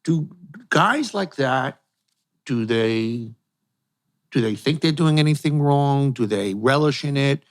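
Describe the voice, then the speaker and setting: Halting American male interviewer. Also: medium pitch, animated. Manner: halting, restarts, searching for words. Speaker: podcast host. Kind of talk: interview questions.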